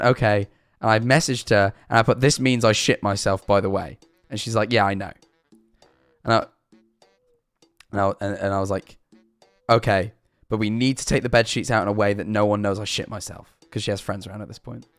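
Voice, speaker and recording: A man's voice: on the low side, a little fast, no echo, faint music behind. Rambling young man telling a story. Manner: rambling, self-deprecating, frequent restarts and "all right?". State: sore throat, coughing. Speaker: streamer. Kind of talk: casual storytelling to chat.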